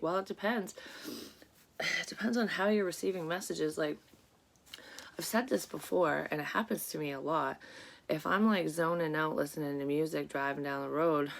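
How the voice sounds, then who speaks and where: Congested low-voiced woman, rambling. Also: gravelly. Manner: rambling, profane, lots of fillers. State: sleepy. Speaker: psychic vlogger. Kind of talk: casual chat.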